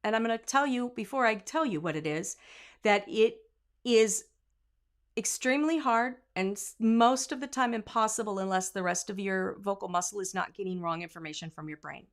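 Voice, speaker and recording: A woman's voice: mid-range voice, fairly quick, few pauses. Upbeat woman teaching singing. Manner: demonstrative, sings example lines; drops to asides and quiet comments. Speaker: vocal coach. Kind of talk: singing lesson.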